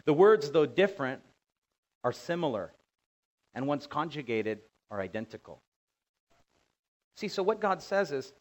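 A middle-aged man preaching a sermon, dramatically acting out quoted voices and building to loud commands. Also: on the high side, sing-song, unhurried, pauses often. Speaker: pastor.

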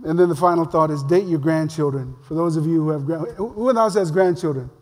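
A man's voice: fairly high pitch, quick pace, darkish tone. An older man, a pastor, giving a sermon in a casual, humorous storytelling way. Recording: long reverb of a large hall.

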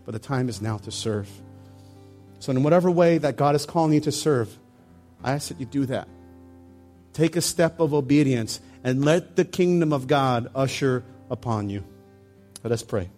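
A man preaching a sermon and leading a closing prayer, earnest and halting, with many restarts. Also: mid-range voice, lively intonation, darkish tone, soft background music. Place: church meeting room.

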